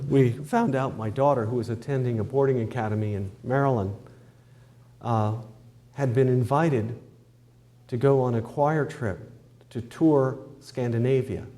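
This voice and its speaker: Man for a folksy testimony, mellow, mid-pitched, homespun storyteller. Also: a little slow. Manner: homespun, conversational, with fillers and "I says". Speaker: testimony speaker.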